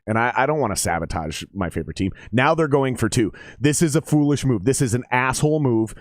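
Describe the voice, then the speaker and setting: Man, 40s, live-stream sports commentator, excitable and profane, mid-pitched, dry close recording. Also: a little fast, dry recording. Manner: profane, excitable, chatty with his viewers. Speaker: streamer commenting on a football game.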